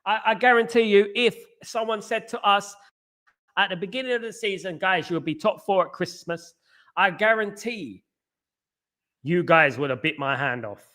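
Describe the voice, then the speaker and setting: A man's voice: high-pitched, moderate pace, pushed and bright. A man hosting a live football watchalong stream. He chats casually with viewers and keeps singing playful chant parodies.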